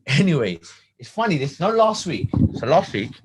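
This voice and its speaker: A man, co-hosting a casual chat and telling a story in an animated, laughing way full of slang. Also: a little high, moderate pace, noisy background. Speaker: podcast co-host.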